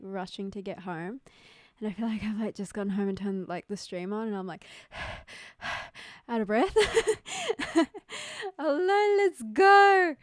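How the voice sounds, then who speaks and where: A woman's voice: mid-range voice, darkish tone, clear, resonant tone, no echo. A young woman hosting a casual livestream from home, chatty and giggly, full of "like" fillers, talking into a desk mic. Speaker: livestream host. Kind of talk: casual live-stream chat. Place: home room. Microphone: desk microphone, no headphones.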